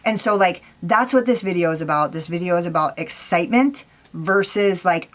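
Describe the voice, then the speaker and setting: Woman ranting on her makeup vlog, swears a lot, very blunt, rattles off her outro fast. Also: lowish voice. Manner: blunt, profane, opinionated; speeds up for a quick sign-off. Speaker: makeup vlogger. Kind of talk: casual vlog rant.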